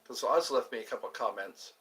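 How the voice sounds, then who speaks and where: A man hosting a solo livestream, talking slowly and rambling, drifting into low murmured chanting. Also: distant mic, very noisy. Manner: slow, drawn-out musing with low murmured chanting. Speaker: livestream host.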